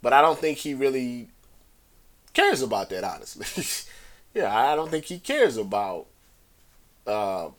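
A man holding forth on his podcast in loose, rambling talk. His pitch sits in the middle for a man. He circles back over his points and lifts his voice when he wants one to land. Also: big pitch swings, measured pace, long pauses, fairly bright tone. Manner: conversational, talks in circles, rising emphasis on key points. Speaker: podcast host. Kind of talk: casual solo commentary.

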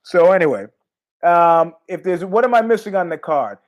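Male podcast host, loose rambling solo talk, salty language, a touch high-pitched. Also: normal speed. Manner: rambling, profane, animated asides. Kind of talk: casual monologue.

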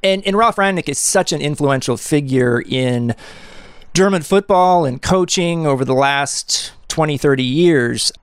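A man's voice: fairly high pitch, a little slow, clear, resonant tone, no echo, studio quality. A man hosting an interview podcast, enthusiastic and rambling, with frequent restarts. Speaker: podcast host.

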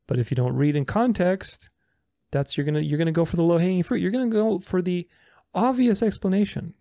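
A man's voice: high voice, fairly quick, gravelly, dark tone, no room sound, clean studio sound. A man giving casual video commentary, reading viewer comments aloud and rebutting them in a sarcastic, argumentative way. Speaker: religious commentator responding to comments.

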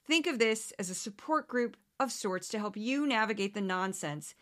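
Bright-voiced woman podcast host. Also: mid-range voice, normal speed. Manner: animated, sarcastic, mimics others in exaggerated voices. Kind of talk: casual commentary monologue.

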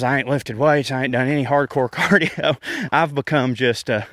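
A man in his thirties talks loosely and self-deprecatingly, chuckling as he goes. He is winded from walking through a park, and his voice sits at an ordinary pitch. The sound is close and dry, with no room around it. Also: normal speed, a bit bright, dry recording. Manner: rambling, self-deprecating, frequent laughs. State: out of breath from walking. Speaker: comedian podcast host. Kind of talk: casual rant.

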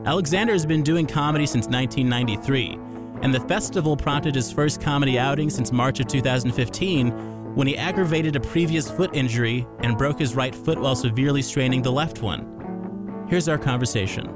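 A man hosting a podcast, giving a scripted, measured introduction. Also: mid-range voice. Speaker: podcast host. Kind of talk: scripted narration. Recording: guitar music underneath. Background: guitar music.

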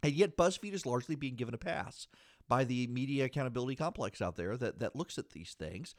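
A man's voice: medium pitch, animated, a little fast, no room sound. Indignant male political commentator, dry sound. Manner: indignant, argumentative, repeats phrases for emphasis. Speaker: podcast host.

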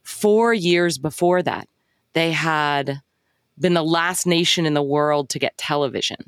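A woman's voice: low voice, measured pace, dry recording, clean studio sound. A woman in her forties co-hosting a podcast, musing thoughtfully in a casual chat. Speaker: podcast co-host.

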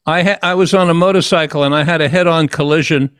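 An older man, the host of an interview, tells a long personal story in an earnest, reflective way. He often stops and restarts his sentences. His voice sits a little high and sounds dry and close. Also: fairly even intonation, fast, fairly bright tone, smooth, dry recording.

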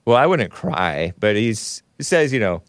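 Animated male live-stream host, dry close mic. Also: lowish voice, unhurried, dry recording. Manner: animated, laughing, sighing, groaning in disgust. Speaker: show host reading super chats. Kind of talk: casual live-stream talk.

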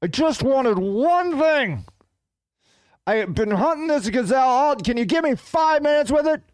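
A man voicing a hungry, frustrated male lion who begs for a moment with his catch, pitched above his own voice. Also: animated, normal speed, dry recording, studio quality. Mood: exasperated. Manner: pleading, exasperated.

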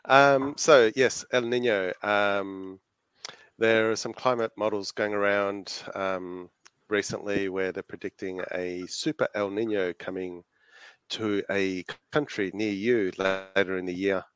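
Australian man, podcast co-host, very low voice, dry close sound, casual explaining, laughs easily. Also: steady tone, unhurried, a bit bright, clear, resonant tone, dry recording. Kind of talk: casual chat.

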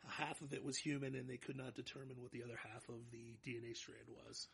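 Gravelly, jokey podcast guy. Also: medium pitch, quick pace. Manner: animated, jokey, hypes himself up. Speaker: podcast co-host. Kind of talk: casual podcast chat.

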